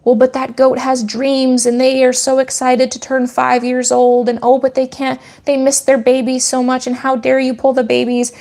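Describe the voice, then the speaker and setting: A woman putting on the voice of a gushing, sentimental animal lover in a mocking, high sing-song tone. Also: little pitch movement, moderate pace, few pauses, a little mellow.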